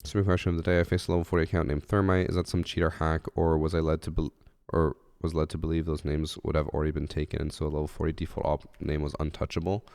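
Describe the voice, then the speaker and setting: A man with an extremely deep, gravelly voice chats casually with his stream audience, sounding congested. He answers questions with dry wit. The sound is close and dry, with no room around it. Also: little pitch movement, quick pace, hardly any pauses, darkish tone, no room sound. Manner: chatty, answers chat, wry. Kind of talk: casual livestream chat.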